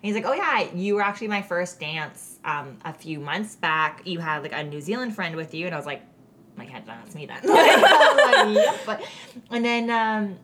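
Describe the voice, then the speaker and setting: A woman's voice: mid-range voice, normal speed, background noise. A woman co-hosting a casual podcast, telling stories and acting out what people said, laughing often. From Canada. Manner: animated storyteller, acts out quotes, laughs often. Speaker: podcast co-host. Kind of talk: casual chat, storytelling.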